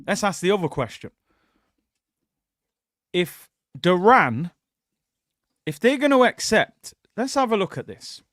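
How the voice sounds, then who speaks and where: A man's voice: high-pitched, very animated, slow pace, pauses often, a bit bright, no room sound, studio quality. A man hosting a football fan channel, ranting in exasperation during a live watchalong and repeatedly addressing his viewers directly.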